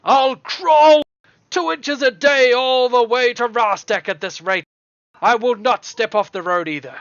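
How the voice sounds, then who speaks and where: A game master putting on a stubborn, loud dwarf carter in a tabletop game, pitched high and blunt. His voice comes through dull and dry, like a lo-fi recording. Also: a little slow, no echo. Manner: shouting, blunt.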